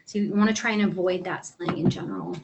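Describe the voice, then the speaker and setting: A woman teaching a class in a relaxed, friendly way, with frequent pauses and filler words. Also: fairly low pitch, dull audio. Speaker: instructor. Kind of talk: classroom lecture.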